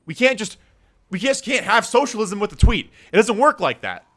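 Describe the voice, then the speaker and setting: Heated young man ranting, bright voice. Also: high voice, big pitch swings, normal speed. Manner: heated, swearing, pleading. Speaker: streamer. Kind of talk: political rant.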